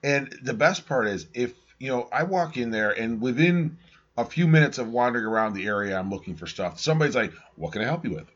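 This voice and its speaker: A man's voice: medium pitch, expressive, brisk, muffled recording. A man co-hosting a casual podcast chat, making wry jokes and laughing often. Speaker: podcast co-host.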